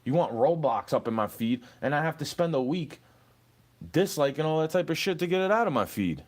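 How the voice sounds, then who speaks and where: A man's voice: on the high side, expressive, brisk. A young man ranting at a commenter, profane and confrontational, repeating "bro" as he lectures and threatens. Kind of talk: angry rant at a commenter.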